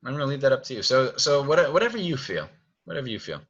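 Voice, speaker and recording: A man's voice: mid-range voice, very animated, fast, a bit bright, husky, muffled recording. A man directing a show, explaining stage blocking in a friendly way and thinking aloud. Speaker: theater director.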